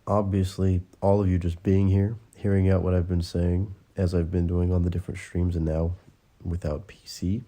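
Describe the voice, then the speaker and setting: A man's voice: low-pitched, little pitch movement, moderate pace, few pauses, dark tone. A man hosting a casual livestream, rambling and swearing freely and sometimes dropping to a whisper. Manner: rambling, profane, often drops to a whisper. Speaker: livestream host. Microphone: tablet or phone mic.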